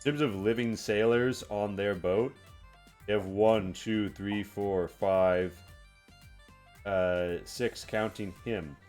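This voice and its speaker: Low-voiced game master, halting narration. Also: male voice, fairly even intonation, a little mellow, faint music behind. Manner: halting storyteller, many fillers.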